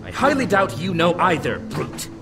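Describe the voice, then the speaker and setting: A woman's voice: fairly low pitch, big pitch swings, over music. A woman voicing a proud, scornful male demon with disdainful delivery while reading a game aloud. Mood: indignant. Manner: drawn-out, disdainful.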